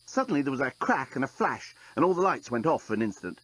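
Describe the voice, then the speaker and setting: Man reading an audiobook, husky voice, lots of rise and fall, dry wry delivery. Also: medium pitch, sing-song, fast talker, a bit bright, rough recording. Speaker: narrator. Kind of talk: audiobook narration.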